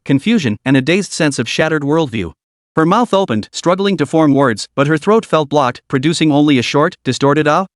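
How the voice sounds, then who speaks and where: A man narrating a story in a steady, dramatic storytelling manner. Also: fairly high pitch, no echo, clean studio sound.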